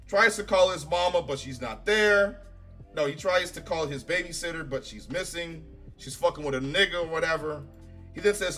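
A man's voice: a little high, lively intonation, normal speed, pushed and bright. A man giving a casual reaction review of a show, profane, sarcastic and exasperated. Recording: faint music behind.

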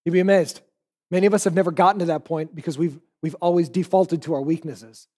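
Pastor, man in his forties, high voice, animated storytelling sermon. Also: quick pace.

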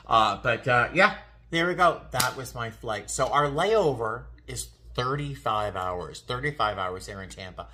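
A man, a flight attendant, casually recounting a tense moment on a flight, animated and often restarting his sentences. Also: lowish voice, a little slow. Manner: animated, self-interrupting, laughs at himself. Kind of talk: casual vlog storytelling.

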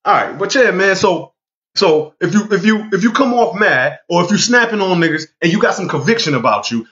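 A man's voice: high-pitched, huge pitch swings, fairly quick, fairly bright tone, highs cut off. A man delivering a heated, profane monologue rant, emphatic and repeating himself to drive points home. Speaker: vlogger.

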